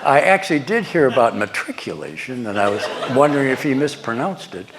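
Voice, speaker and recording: A man's voice: medium pitch, big pitch swings, fairly quick, background noise. An older man giving a lecture, telling wry anecdotes with chuckles to an audience. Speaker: guest lecturer. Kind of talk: storytelling lecture. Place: lecture hall before an audience.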